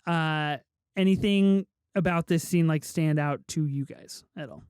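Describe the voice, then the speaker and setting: Male podcast host, clean voice pitched a bit high, loose chat that leads the discussion. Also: a little slow, a little mellow, clear, resonant tone, no room sound, studio quality. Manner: leads discussion, swears casually. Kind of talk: casual chat.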